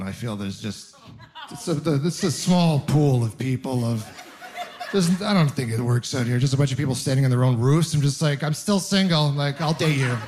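A man in his thirties doing a stand-up set, telling self-deprecating stories and talking straight to the crowd. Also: medium pitch. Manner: self-deprecating storytelling, animated asides to the audience. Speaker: stand-up comedian. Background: audience laughter.

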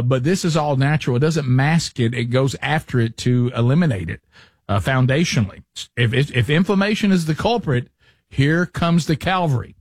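A man's voice: mid-range voice, a little mellow, no room sound. A middle-aged man hosting a radio show, reading a sponsor spot and telling rambling stories with many restarts. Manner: chatty storyteller, frequent restarts and fillers. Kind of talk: casual talk radio chat and live ad read.

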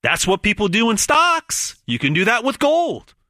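A man gives a hard-sell gold pitch in a lively, swooping voice that sounds bright and forceful. He hammers words again and again, stumbles through restarts, and pauses dramatically as he stretches out big numbers for effect. The recording is close and dry, with no echo.

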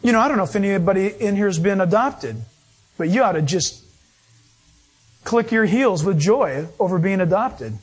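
A man preaching a sermon, telling stories with animated delivery and acting out other people's voices. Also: high-pitched, moderate pace, husky. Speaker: pastor.

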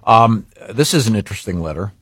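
A man's voice: on the low side, lively intonation, fairly quick, fairly bright tone, husky, no echo. An older man hosting a radio show, rambling with lots of restarts in casual banter. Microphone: studio microphone.

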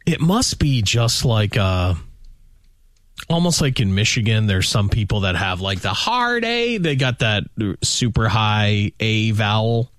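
A man co-hosting a casual podcast chat, animated and jokey. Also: on the low side, a little slow, no room sound, clean studio sound. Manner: animated, jokey, slips into mock voices. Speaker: podcast co-host.

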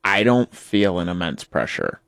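A man's voice: low voice, very animated, unhurried, vocal fry, a bit bright, no room sound, studio quality. A seventeen-year-old guest on a talk radio show, explaining his views in an earnest way and backing them with numbers. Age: teens. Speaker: student guest.

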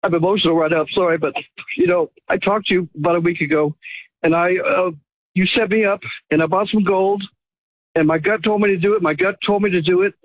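A middle-aged man calls in to a show, gushing with thanks and rambling from one thought to the next. His voice is high for a man. The sound is dry and close, with no echo. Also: a little fast. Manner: effusive, grateful, rambling. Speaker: caller. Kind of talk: phone-in call.

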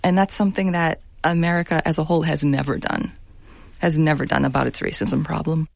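A woman's voice: low voice, level tone, brisk, creaky, no echo. Earnest, reflective middle-aged woman, dry sound. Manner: reflective, earnest, laughs softly. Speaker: journalist guest. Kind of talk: radio interview.

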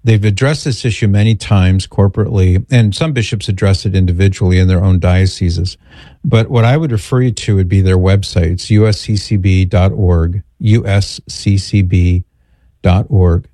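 A male radio host with a lowish, mellow voice who talks in an easy, relaxed way. He jokes with callers and lays out his answers at length. The sound is dry and close, from a studio mic. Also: normal speed, dry recording. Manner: relaxed, joking, explains at length. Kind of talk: call-in radio talk.

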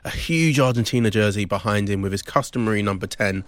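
A man presenting a sports news bulletin, brisk, with frequent ums. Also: fairly low pitch, no echo.

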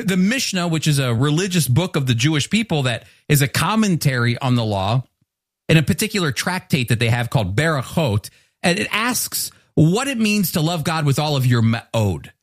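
Animated, earnest male Bible teacher. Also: on the high side, no echo, studio quality. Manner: earnest, explanatory, with frequent stammered restarts. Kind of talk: sermon-style Bible teaching.

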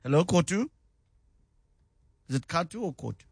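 Dry-voiced radio host. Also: male voice, a little high, moderate pace, creaky, husky, dry recording. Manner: relaxed, repeats words when thinking. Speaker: radio talk show host. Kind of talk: radio call-in show. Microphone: studio microphone.

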